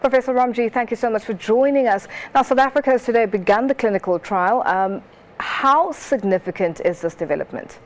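A woman's voice: fairly high pitch, brisk. A woman conducting a broadcast news interview, polished and formal.

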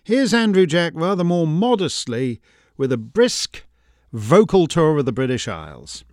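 Lively, wry male commentary host. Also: fairly high pitch, unhurried, no room sound, clean studio sound. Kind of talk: scripted commentary.

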